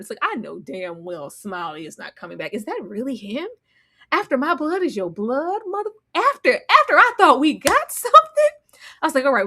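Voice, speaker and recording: Woman, live TV recap chat, acts out lines, very lively swinging pitch, bright. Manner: animated, acts out characters' lines, laughs often. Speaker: podcast co-host. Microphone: home mic, live stream.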